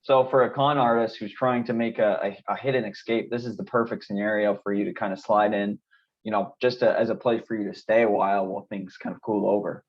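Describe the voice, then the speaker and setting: A man casually discussing a TV episode as co-host, relaxed with chuckling asides. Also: on the low side, fast. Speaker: podcast co-host. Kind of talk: casual TV recap chat. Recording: dull lo-fi sound.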